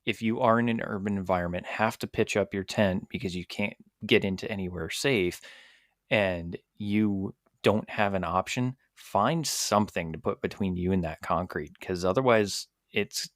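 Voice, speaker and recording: A man's voice: on the low side, moderate pace, dry recording, clean studio sound. A man co-hosting a podcast, chatting casually and giving earnest, practical advice. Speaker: podcast co-host. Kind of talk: casual chat.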